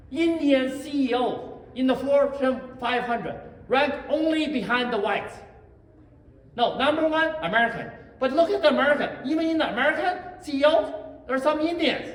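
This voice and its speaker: Joking man in echoey hall. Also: very high-pitched. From China. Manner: rambling, joking, self-deprecating asides. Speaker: conference speaker. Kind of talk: joking live conference talk. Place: large conference hall. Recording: echoey hall, mic from far off.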